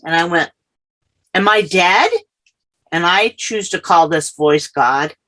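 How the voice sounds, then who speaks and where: A middle-aged woman telling her personal story as an interview guest, earnest and halting, often repeating herself. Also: lowish voice, fairly bright tone, poor audio.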